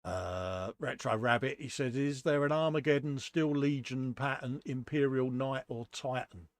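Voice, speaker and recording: A man's voice: medium pitch, moderate pace, no room sound. Chatty man greeting stream viewers. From United Kingdom. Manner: reads out chat messages and greets viewers one by one. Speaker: co-host of a live stream. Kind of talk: casual live-stream chat.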